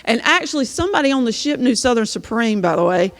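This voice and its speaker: A woman's voice: on the high side, sing-song, fast talker. Chatty woman in echoing hall. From North Carolina, US. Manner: chatty storytelling with frequent "um"s. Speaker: teacher presenting to an audience. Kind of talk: slideshow presentation. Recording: long hall reverb.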